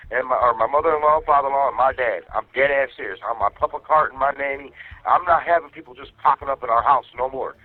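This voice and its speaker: Angry fast-talking man on a tinny phone line. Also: a little high. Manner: angry, profane ranting. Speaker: caller on a phone call with his wife. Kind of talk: casual phone conversation.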